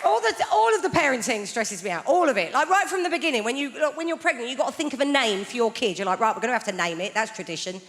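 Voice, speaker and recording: High, lively woman doing stand-up. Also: fast talker, few pauses, crowd noise. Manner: wry, conversational, with tag questions to the audience. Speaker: stand-up comedian. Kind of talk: stand-up comedy monologue. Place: large theatre stage before a live audience. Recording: long hall reverb with loud audience noise.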